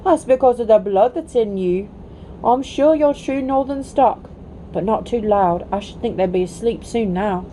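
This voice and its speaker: A woman's voice: fairly high pitch, animated, normal speed, warm tone, slight background noise, natural voice, poor audio. A woman voicing a proud, scornful male talking war horse in a storybook read-aloud, with bossy, clipped speech. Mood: calm, knowing.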